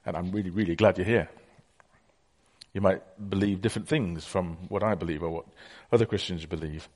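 A man's voice: deep voice, fairly even intonation, brisk, a little mellow. A middle-aged man preaching a conversational sermon, telling stories with many fillers.

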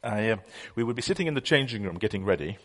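A man's voice: fairly low pitch, expressive, quick pace, fairly bright tone. A middle-aged man preaching a conversational sermon, telling stories with many fillers.

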